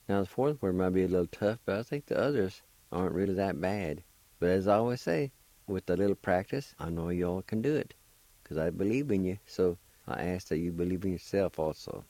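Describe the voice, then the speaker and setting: Low-sitting, expressive, and warm, the voice of this language teacher and radio host comes through on a dry recording. He patiently spells and sounds out each word letter by letter, keeping a slow, encouraging pace.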